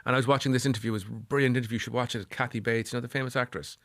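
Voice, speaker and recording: Irish guy therapist on a podcast, rapid fire, keeps repeating himself to drive it home. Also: medium pitch, fairly even intonation, fairly bright tone, dry recording. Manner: earnest, repeats phrases for emphasis. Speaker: psychotherapist guest. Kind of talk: podcast interview.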